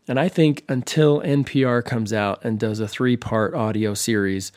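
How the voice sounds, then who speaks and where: A man's voice: medium pitch, moderate pace, few pauses, a little mellow, no room sound, clean studio sound. A man hosting a podcast, talking in a loose, rambling monologue with a wry, sarcastic humor and lots of restarts. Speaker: podcast host.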